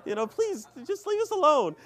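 A man's voice: sits high, lively intonation, a little fast, pitched above the performer's own voice. A preacher voicing a panicked young man who stammers and begs a stranger to leave him alone. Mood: pleading. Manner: stammering, frantic, pleading.

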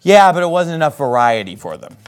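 A man's voice: fairly quick, smooth. A man preaching a sermon, reading scripture aloud and mocking whiners with exaggerated voices. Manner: preaching with animated high outbursts and scripture reading. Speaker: pastor.

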